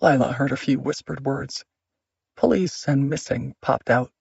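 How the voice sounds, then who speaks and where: A man narrating an audiobook in a measured, steady reading. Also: medium pitch, gravelly, breathy edge, dry recording, lo-fi sound.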